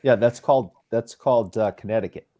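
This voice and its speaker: A man's voice: fairly low pitch, a little fast, warm tone. Man with a Boston accent, dry joker. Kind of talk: casual podcast chat.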